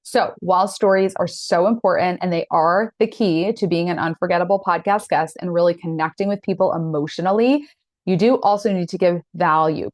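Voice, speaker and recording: A woman's voice: on the low side, dry recording. A woman in her thirties teaching an online masterclass in an earnest, direct, encouraging way. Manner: earnest, direct, encouraging, with animated quoted asides.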